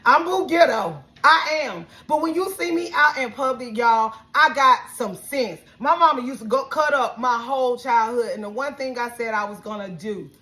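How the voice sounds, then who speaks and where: A woman with a Southern accent, high-pitched and bright, rants in an outspoken, heated way with a lot of cursing. Her voice swings between shouting and near tears as she vents to the camera. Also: moderate pace, few pauses. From Alabama. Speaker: vlogger. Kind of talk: emotional venting rant.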